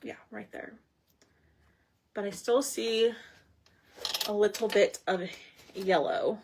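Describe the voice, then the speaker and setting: A woman's voice: medium pitch, fairly even intonation, slow pace, darkish tone, a little hiss or hum. A woman hosting a casual crafting livestream, chatting and thinking aloud as she works. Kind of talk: casual live crafting chat.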